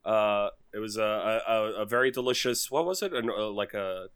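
Bright-voiced man rambling in casual chat. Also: fairly low pitch, normal speed, clean tone. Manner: rambling, swearing, many restarts. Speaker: podcast co-host.

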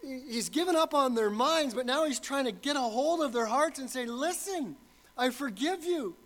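A man's voice: very high voice, a little fast, fairly bright tone. A man preaching a sermon as pastor, earnest and building to fervent emphasis.

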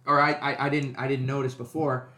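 Halting man in casual podcast chat. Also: mid-range voice, flat delivery, bright, forceful tone, a little hiss or hum. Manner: hesitant, trailing off, restarts often. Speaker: podcast co-host. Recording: roomy, echoey room.

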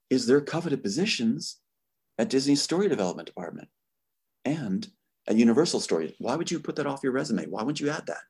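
Husky male guest, heated and accusatory, pitch in the middle range. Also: sing-song, brisk, darkish tone. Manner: angry and emphatic, accusatory. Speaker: interview guest. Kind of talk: impassioned interview talk.

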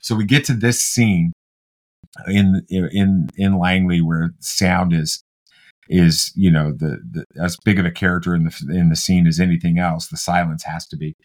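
A middle-aged man on a casual podcast, telling a story with animated energy and many halting restarts. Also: low voice. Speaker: podcast co-host. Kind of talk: casual chat.

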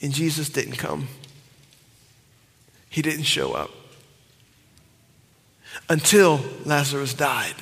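A man preaching a sermon to his congregation, swinging between loud emphatic cries and hushed whispers. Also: a little high, sing-song, slow pace, vocal fry, long pauses. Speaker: pastor. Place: church sanctuary. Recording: long church hall reverb.

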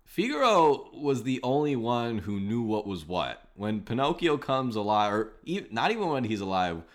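A man's voice: mid-range voice, sing-song, normal speed. A man hosting a podcast, chatting casually and wryly picking apart a film. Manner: wry, sarcastic movie critique. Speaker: podcast host. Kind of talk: casual chat.

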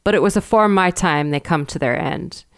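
A woman's voice: lowish voice, moderate pace, creaky, no echo, clean studio sound. Woman doing grave old country shepherd. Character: gruff old rustic male shepherd, grave and superstitious. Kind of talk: storybook reading.

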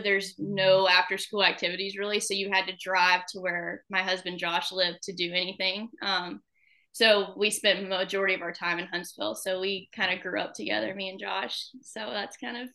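A woman's voice: medium pitch, fairly even intonation, normal speed, sharp tone. A young woman from Alabama with a Southern accent, chatting casually as a podcast guest and laughing often. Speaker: podcast guest, hockey wife. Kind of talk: casual interview chat.

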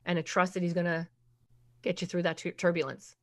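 A woman's voice: lowish voice, little pitch movement, brisk. A middle-aged woman, a parenting expert, explains her approach in a conversational interview. She talks emphatically, asks rhetorical questions and now and then acts out quoted voices.

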